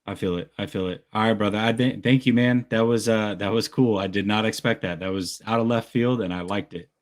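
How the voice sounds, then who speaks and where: A man's voice: lowish voice, fairly even intonation, a little fast. Enthusiastic male call-in host. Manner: enthusiastic, praising callers. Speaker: podcast host taking calls. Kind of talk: casual sports call-in talk.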